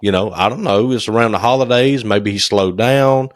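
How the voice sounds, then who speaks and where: With a fairly low voice at normal speed, a podcast co-host who works as a cabinet maker chats casually and tells folksy stories, acting out phone calls. The sound is clean studio audio without echo.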